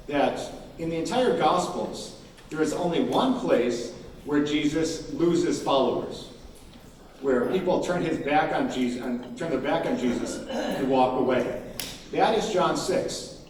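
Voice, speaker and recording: A man's voice: a little high, slight background noise. Emphatic man speaking in an echoey hall. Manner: animated, emphatic, acts out crowd quotes. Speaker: keynote speaker. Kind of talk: conference talk. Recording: echoey hall from far off, faint ambience.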